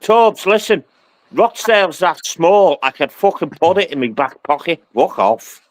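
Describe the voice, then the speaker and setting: A man's voice: on the high side, lively intonation, a little slow, dry recording. Swearing northern English man bantering. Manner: loud, swearing, joking banter. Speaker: live stream host. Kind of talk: casual banter on a group call.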